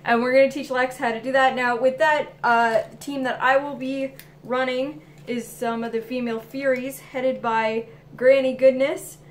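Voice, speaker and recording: A woman with a slightly raised voice walks a learner through a tabletop game in casual tutorial style. She explains patiently, with easygoing pauses and fillers. Faint noise sits under the recording. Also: high voice, steady tone, far from the mic. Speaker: host teaching a tabletop game.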